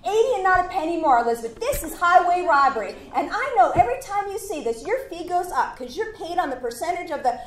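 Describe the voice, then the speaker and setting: A woman voicing an indignant, stingy male hiring manager who protests loudly while haggling. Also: very high-pitched, very animated, fast, few pauses, voice pushed up. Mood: outraged. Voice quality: loud, outraged protesting. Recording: roomy echo, faint noise.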